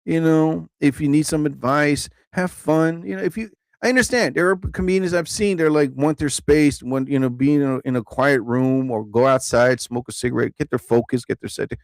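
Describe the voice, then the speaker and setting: A man hosting a live stream, telling rambling stand-up stories casually, laughing often and jumping into higher voices to act out quotes. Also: normal speed, hardly any pauses, no room sound. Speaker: live show host, comedian.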